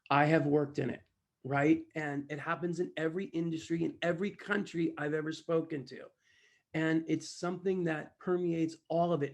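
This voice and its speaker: Man, sales trainer, gravelly voice, fairly high pitch, lively storytelling talk. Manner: animated, acts out dialogue, addresses listeners directly.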